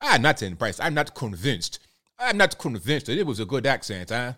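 A man doing a put-on Nigerian accent, voicing an unimpressed male friend who teases him in a lower, mock-stern, scolding tone. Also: very animated, normal speed, bright, forceful tone. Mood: teasing.

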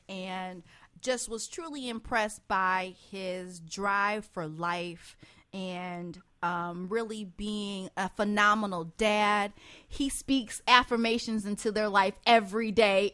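A woman's voice: medium pitch, a bit bright, clean tone. A woman hosting a radio talk show, chatting playfully and laughing often with her co-hosts.

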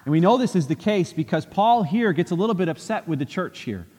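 Man, pastor, sermon, earnest, repeats for emphasis, higher voice, echoing church hall. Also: expressive, a little fast, darkish tone. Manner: earnest, repeats phrases for emphasis, acts out quotes with rising pitch. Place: church sanctuary.

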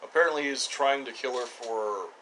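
A man co-hosting a podcast, recapping a TV episode in casual chat with dry, deadpan teasing. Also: mid-range voice, normal speed, slight background noise, low-quality recording. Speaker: podcast co-host.

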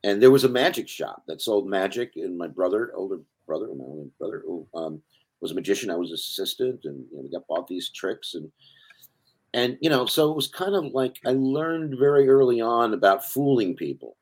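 A man's voice: on the low side, big pitch swings, fairly quick, a little mellow. An older man telling rambling stories as a podcast guest, interrupting himself as he goes. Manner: rambling, self-interrupting storyteller. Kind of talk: casual storytelling.

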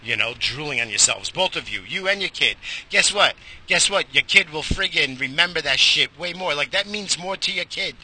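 A man ranting casually while driving, profane and loud in swings. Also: fairly high pitch, animated, normal speed, hardly any pauses, a little hiss or hum, low-quality recording. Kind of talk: casual driving vlog rant. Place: car in traffic.

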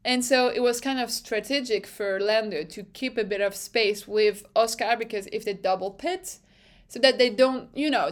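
A young woman hosting a casual podcast recap, chatty and excitable, swearing freely and often restarting her phrases. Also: a little high, smooth. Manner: self-interrupting, restarts phrases. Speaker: podcast host.

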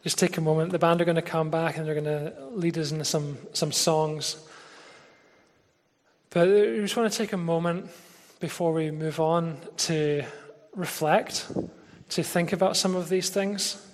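A pastor gently inviting his congregation into prayer, speaking slowly and reflectively at the close of a sermon in a church service. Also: a little high, fairly even intonation. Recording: long hall reverb with music behind.

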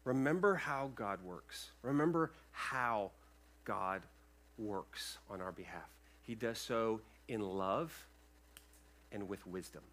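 A male pastor preaching a sermon to his congregation, earnest and emphatic, with loud peaks and quiet asides, checking in with the room. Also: fairly low pitch, animated, slow. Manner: addresses the congregation with checking questions. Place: church sanctuary, speaking over a sound system.

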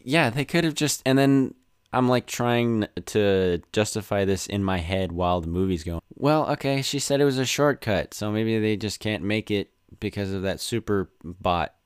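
A man's voice: fairly low pitch, moderate pace, clean tone, no room sound, studio quality. A young man co-hosting a casual podcast chat, rambling and self-deprecating. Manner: rambling, self-deprecating, jokey quoted voices. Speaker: podcast co-host.

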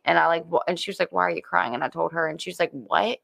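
A woman recounting a personal story in a casual talk. Her voice carries a gravelly fry, and she stops and restarts her sentences often, leaning on fillers. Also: fairly low pitch, fairly even intonation, quick pace, a bit bright. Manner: hesitant, many fillers and restarts.

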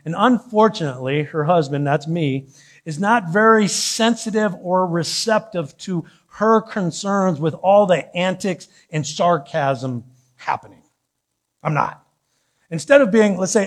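Male pastor, higher register; playful, self-mocking sermon storyteller speaking in church. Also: measured pace. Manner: animated, joking personal storytelling with laughter.

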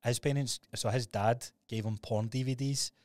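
A man co-hosting a podcast, telling stories in a sweary, animated, casual way. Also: mid-range voice, moderate pace, no echo, studio quality. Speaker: podcast co-host.

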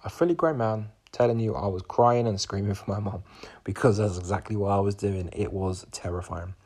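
Gravelly-voiced young man telling a story. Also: fairly low pitch, brisk, a little mellow. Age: 20s. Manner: rambling, with many fillers and restarts. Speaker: podcast host. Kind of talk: personal storytelling.

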